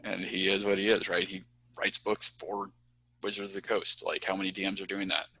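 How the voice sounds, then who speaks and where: Host, male, deep and raspy; easygoing interviewer, quick agreements, reads questions. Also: completely flat delivery, bright, forceful tone, poor audio. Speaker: podcast host. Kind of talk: casual interview chat.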